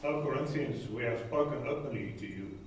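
Guy in the class reading aloud, steady and plain, far off mic, echoey room. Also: mid-range voice, brisk, a little hiss or hum.

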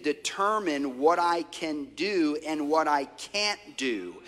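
A male pastor preaching a sermon, telling stories with swings from loud bursts to hushed tones. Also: fairly high pitch, expressive, slow, hardly any pauses. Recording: long hall reverb.

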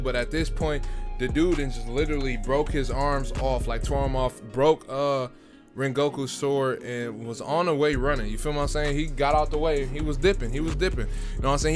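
An excited young man talking through a film recap with lots of street slang. His voice sits fairly high, he trips over his words when he gets worked up, and soft music plays behind him. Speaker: video creator reviewing a film.

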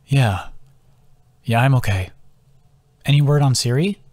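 A man's voice: mid-range voice, a little slow, darkish tone, voice pushed up, close to an everyday voice. A man voicing a weary young male fighter with a dry, understated manner.

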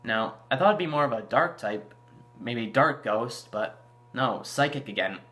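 A man's voice: mid-range voice, expressive, measured pace, fairly bright tone. A man hosting his own gaming channel, chatting casually about a game trailer and rambling with fillers and restarts. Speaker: YouTube gaming channel host. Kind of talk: casual video commentary.

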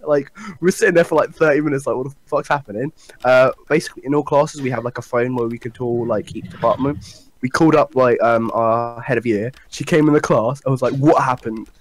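A man's voice: medium pitch, a little fast. A young man telling crude school stories to friends, laughing often. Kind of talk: casual storytelling with friends.

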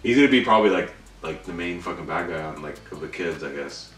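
A young man with a very low voice co-hosts a casual trailer reaction, swearing freely and jumping up in pitch when excited. He sounds distant in an echoey room. Faint music plays underneath. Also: fast talker. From Canada. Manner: excitable, swears a lot, voice jumps up when worked up. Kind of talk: casual chat.

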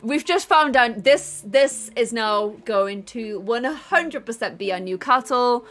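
A woman's voice: on the high side, animated, slow pace, fairly bright tone, faint music behind. A woman playing a life-sim game and commenting, theatrical, playfully menacing and giggly. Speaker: gaming YouTuber. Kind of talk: playful let's-play commentary.

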